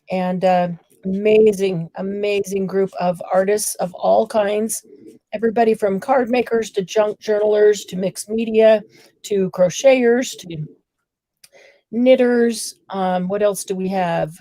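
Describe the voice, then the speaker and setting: A woman's voice: mid-range voice, fairly even intonation, measured pace, warm tone, dry recording, low-quality recording. A woman co-hosting a casual crafting livestream, chatting and laughing easily with friends on a video call. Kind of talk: casual chat while crafting.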